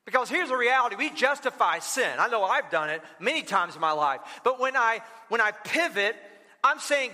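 A man's voice: extremely high pitch, big pitch swings, normal speed, pushed and bright, big-room sound. A man preaching as a pastor, telling a personal story with emphatic, rising bursts. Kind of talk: sermon.

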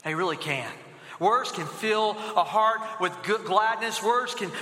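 A man's voice: high voice, lively intonation, measured pace, sharp tone. A young man preaching a sermon as pastor and leading the congregation in call-and-response. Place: church auditorium. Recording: echoey hall with long reverb.

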